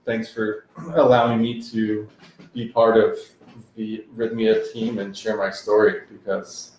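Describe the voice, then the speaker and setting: Laid-back low-voiced man, very echoey. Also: level tone, unhurried, darkish tone. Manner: laid-back, many fillers and restarts. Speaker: guest. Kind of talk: conversational testimony. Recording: very echoey room with faint background noise.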